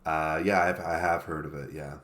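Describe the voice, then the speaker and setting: A man co-hosting a casual chat, easygoing and quick to laugh. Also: extremely low pitch, fairly even intonation, fairly bright tone. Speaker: co-host.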